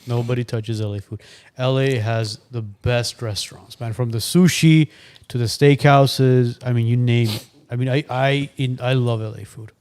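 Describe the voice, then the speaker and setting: A man's voice: medium pitch, fairly even intonation, normal speed, darkish tone, smooth. A man in casual podcast chat, opinionated and jokey.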